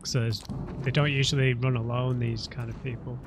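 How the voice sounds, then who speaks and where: A man hosting a let's play, with an average-pitched voice and a chatty, self-mocking way of talking. He comments casually as he plays. Game noise plays clearly behind him. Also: little pitch movement, a little fast.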